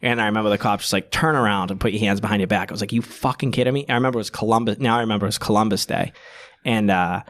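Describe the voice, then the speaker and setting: A young man from Boston, a podcast guest, telling a profane, animated story full of fillers in casual chat. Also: lowish voice, very fast.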